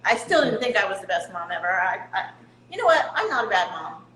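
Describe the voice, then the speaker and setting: A woman's voice: mid-range voice, very animated, fairly quick, bright, forceful tone, roomy sound, slight background noise, rough recording. A middle-aged woman talking candidly as an interview guest, laughing at herself now and then. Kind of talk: casual interview talk.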